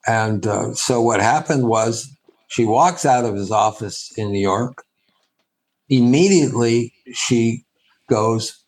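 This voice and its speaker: A man, a spiritual teacher, giving a reflective answer in an interview, halting and restarting as he thinks. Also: on the low side, poor audio. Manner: halting and thoughtful, with frequent restarts and pauses.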